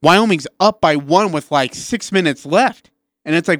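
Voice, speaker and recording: A man co-hosting a sports radio show, talking excitedly in casual chat with many restarts and asides. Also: on the high side, normal speed, no echo, studio quality.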